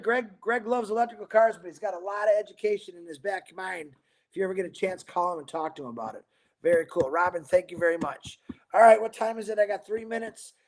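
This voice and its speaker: A man hosting a casual livestream, rambling upbeat as he greets viewers by name, talking fast and a bit mumbled. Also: extremely high pitch. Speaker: livestream host. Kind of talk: casual livestream chat reading viewer comments.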